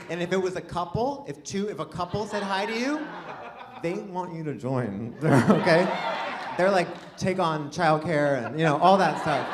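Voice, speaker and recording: A man performing a chatty, self-deprecating stand-up set in front of a live audience, often restarting his sentences and breaking into animated exclamations. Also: fairly high pitch, noisy background. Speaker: stand-up comedian. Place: live comedy venue with an audience. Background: audience laughter.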